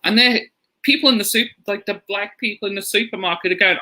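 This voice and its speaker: Male podcast co-host, casual rambling storyteller, sharp bright tone, slightly high voice. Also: moderate pace, rough recording. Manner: rambling storyteller, laughs through anecdotes. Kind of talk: casual chat.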